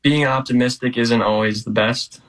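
A man from Wisconsin, interviewed as a hiker, recounting events in a flat, low-key way. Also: normal speed.

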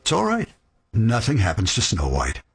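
A middle-aged man in a radio drama, talking gently and warmly with an orphaned child and chuckling often. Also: on the low side, wildly swooping pitch, moderate pace, creaky, slightly rough, full character voice. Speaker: grieving man befriending an orphan.

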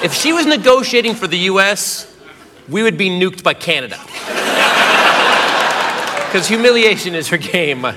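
A man doing a stand-up routine, telling a rambling self-mocking story and acting out the loud bits. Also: sits high, very animated, moderate pace, long pauses. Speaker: stand-up comedian. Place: comedy club stage. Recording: live club with audience laughter and noise. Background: audience laughing.

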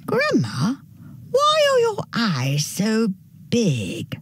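Woman voicing a sweet little girl emu, high and childlike. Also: huge pitch swings, drawn-out words, a little hiss or hum, exaggerated voice. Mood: curious.

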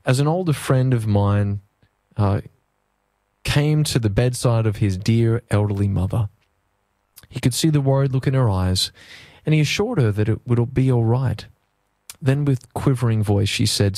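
A man preaching as a pastor, then leading a prayer, in an earnest, gentle way with slow emphatic phrases. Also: on the low side, no echo, studio quality. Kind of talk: sermon and prayer.

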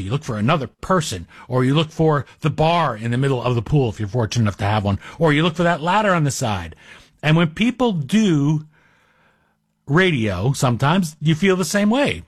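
A man's voice: a little high, slightly rough, no room sound, studio quality. A man guest hosting a talk radio show, chatting in a digressive, self-deprecating monologue. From Greek heritage.

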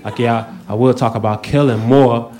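A man's voice: mid-range voice, steady tone, normal speed, dark tone. Wry man doing stand-up comedy.

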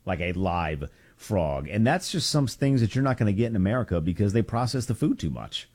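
A man's voice: on the low side, very animated, brisk, darkish tone. A man co-hosting a casual podcast, telling rambling jokey stories. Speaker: co-host.

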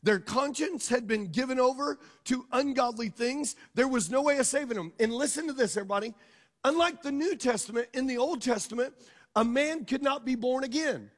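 A man with a drawl preaches in a very high, strained register, pressing his points and checking in with the congregation. His voice carries a long reverb, the sound of a large sanctuary. He is emphatic and direct. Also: a little fast. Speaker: pastor. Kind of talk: sermon. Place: church sanctuary.

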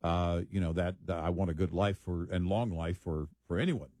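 A man co-hosting a talk show, speaking in a measured, deliberate way. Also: low voice, fairly even intonation, dark tone, dry recording. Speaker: co-host. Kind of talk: casual talk show commentary.

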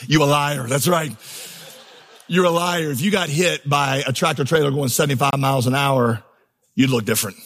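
A man's voice: mid-range voice, steady tone, normal speed, fairly bright tone. A man preaching a sermon as pastor, telling stories with humor and building to emphatic, impassioned crescendos. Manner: storytelling, humorous asides.

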